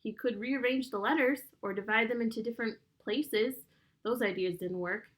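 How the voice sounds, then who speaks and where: A woman reading a children's novel aloud in a steady, clear storytelling voice. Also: a little high, normal speed. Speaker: audiobook narrator.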